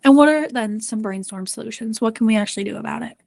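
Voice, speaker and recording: A woman mental performance coach giving a presentation to parents and coaches, earnest and gently encouraging with frequent ums. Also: on the high side, fast talker, gravelly, no echo.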